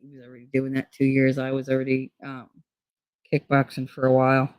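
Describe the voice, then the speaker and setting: A woman's voice: rumbling low, monotone, brisk, dry recording, dull audio. A middle-aged woman from Hoboken, telling stories in blunt, profane casual chat on her channel. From Hoboken, New Jersey. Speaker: channel host.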